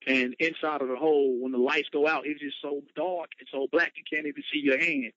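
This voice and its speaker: A man's voice: fairly high pitch, fairly even intonation, a little fast, a bit bright, dry recording. A man, a motivational speaker, telling his personal story with emphatic, dramatic retelling. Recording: dull lo-fi, dry sound.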